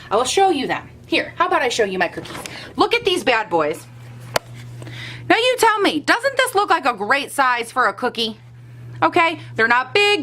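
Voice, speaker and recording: A young woman chatting casually to her camera at home as a vlogger, animated and a bit out of breath, with playful rants. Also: high-pitched. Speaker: beauty vlogger.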